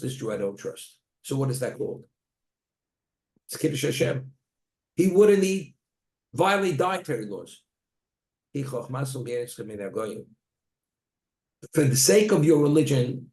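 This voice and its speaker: Rabbi giving a Torah lecture, echoey room. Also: male voice, fairly high pitch, a little mellow. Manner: storytelling, Hebrew terms woven into plain talk. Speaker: rabbi teaching a Torah class.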